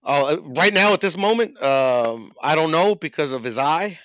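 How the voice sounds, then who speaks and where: A man with a fairly high voice pushes his boxing point in halting bursts full of fillers. The recording is dry, dull and lo-fi. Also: lively intonation, fairly bright tone, no echo. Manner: halting, many ums and uhs. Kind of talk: casual boxing debate.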